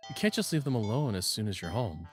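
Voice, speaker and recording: A man's voice: on the low side, big pitch swings, quick pace, music in the background. A man playing a text game, reading its narration aloud and breaking off into giggly, self-deprecating asides. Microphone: studio shotgun mic on a boom arm.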